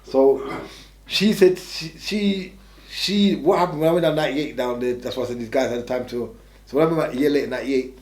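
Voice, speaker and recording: Fast-talking blunt man, roomy sound. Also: medium pitch, a little mellow. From England. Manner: blunt, rambling, restarts a lot. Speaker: interviewee. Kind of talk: candid storytelling. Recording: roomy echo.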